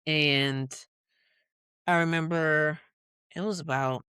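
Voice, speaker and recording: A podcast co-host from Michigan tells a personal story in a thoughtful way, pausing on fillers and then rushing ahead. The voice sits in a middle pitch. The recording is close and dry. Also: fairly even intonation, pushed and bright, clear, resonant tone, dry recording. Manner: thoughtful, lots of fillers, quick narration bursts. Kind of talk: reflective storytelling in casual podcast chat.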